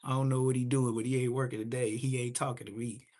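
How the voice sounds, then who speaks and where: Man, casual vlog rant, mocking and trash-talking, mid pitch. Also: flat delivery, quick pace, darkish tone. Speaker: vlogger. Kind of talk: casual ranting monologue.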